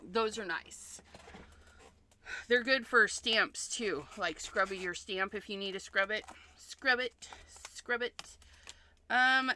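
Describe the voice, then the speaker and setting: A woman's voice: mid-range voice, slow, bright, forceful tone, a little hiss or hum. A woman hosting a card-making livestream in a casual demonstration, chatty and thinking aloud, often repeating herself.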